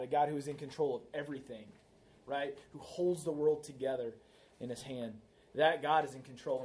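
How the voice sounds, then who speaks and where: A man's voice: medium pitch, darkish tone, slight background noise. A man preaching a sermon in a conversational way, often tagging his points with "right?" and telling a story to make them. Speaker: pastor.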